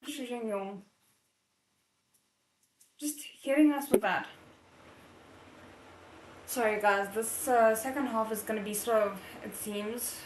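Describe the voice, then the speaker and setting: A woman's voice: a little high, slow pace, long pauses, echoey room, background noise. A woman reading a novel aloud, breaking off for emotional, tearful comments. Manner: emotional, tearful asides between passages. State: choked up from crying. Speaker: novel readalong host.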